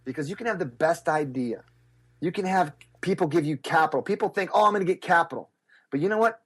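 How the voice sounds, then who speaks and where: Animated storytelling man, higher voice. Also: fast talker. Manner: lively, acts out quotes with big pitch jumps. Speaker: guest speaker and business coach.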